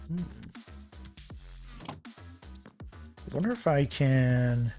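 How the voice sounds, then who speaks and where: A man streaming a building game, thinking aloud in a relaxed, muttering way as he works. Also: mid-range voice. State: hiccuping. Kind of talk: casual game commentary while building.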